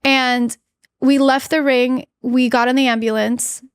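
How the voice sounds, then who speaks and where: A woman in her thirties speaks as a podcast guest with a fairly high voice. She tells her story candidly and earnestly, often stopping and restarting mid-phrase. The sound is dry, with almost no room echo. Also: level tone, clear, resonant tone. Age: 30s. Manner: earnest, halting, many fillers and restarts.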